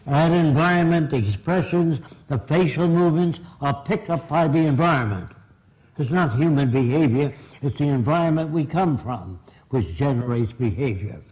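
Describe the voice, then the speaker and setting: A man's voice: fairly high pitch, animated, normal speed, a little mellow, rough recording. An older man from Brooklyn, giving a blunt, emphatic public lecture. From Brooklyn, New York.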